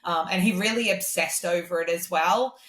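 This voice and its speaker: A woman's voice: moderate pace, reverberant. An Australian woman, a singer-songwriter, telling stories in a casual podcast interview, with lots of "um" and "like" fillers. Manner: animated, acts out others' lines in a much higher voice; many "um" and "like" fillers.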